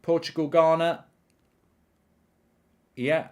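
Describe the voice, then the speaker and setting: A man's voice: on the high side, steady tone, takes it slowly. A man hosting a live football watchalong, chatting casually, reading out viewer comments and rambling with repeated words.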